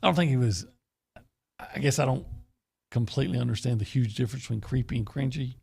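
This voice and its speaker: A man's voice: medium pitch, fast, vocal fry, a little mellow, breathy edge. A man who is a sports columnist, talking bluntly and folksily on a sports talk radio show, often restarting his sentences. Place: radio studio.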